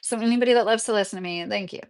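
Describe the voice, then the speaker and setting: A woman's voice: medium pitch, rapid-fire, clean tone. Chatty woman with a slight Midwestern accent. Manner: chatty, rambling, laughs often. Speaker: streamer answering viewer questions. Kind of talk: casual livestream chat.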